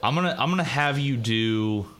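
A man narrating a tabletop game as game master, casual and halting with fillers. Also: medium pitch, lively intonation, a bit bright.

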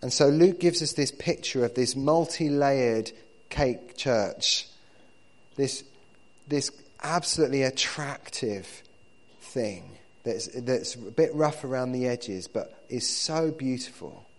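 A man's voice: mid-range voice, takes it slowly. Guy preaching a sermon, chatty and natural, keeps doubling up words, regular mid voice. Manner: conversational, repeats words while building points. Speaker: pastor.

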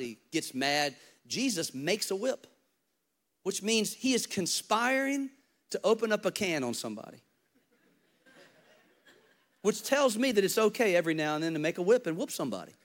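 A male pastor preaching an energetic, humorous sermon, telling Bible stories and swinging from loud, high calls to hushed, intimate stretches. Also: moderate pace, pauses often.

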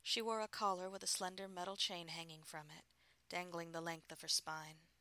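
A woman narrating a first-person erotic story in a soft, intimate murmur. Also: fairly low pitch, flat delivery, moderate pace.

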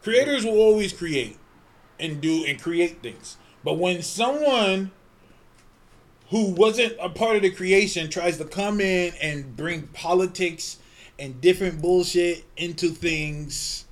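Podcast co-host, male, high voice, lively profane storyteller. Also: takes it slowly. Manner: animated, profane, laughs often. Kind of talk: casual storytelling chat.

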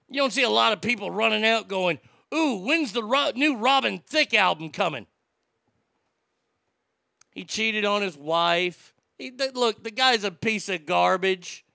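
A brash man rants through his talk segment, stumbling over restarts as he pushes his point. His voice sits high and gravelly with a sharp, bright edge. The sound is dry and close, with no room around it. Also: no room sound. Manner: brash, ranting, stammering restarts. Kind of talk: opinionated talk commentary.

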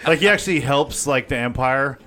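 A man's voice: mid-range voice, animated, brisk, bright, forceful tone. A man co-hosting a podcast in casual chat, rambling with many fillers. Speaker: podcast co-host.

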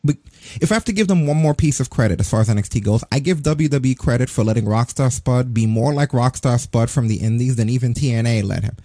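Fast-talking ranting man, dark voice. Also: medium pitch, no room sound. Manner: profane, ranting, animated. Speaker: podcast co-host. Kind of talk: casual wrestling review chat.

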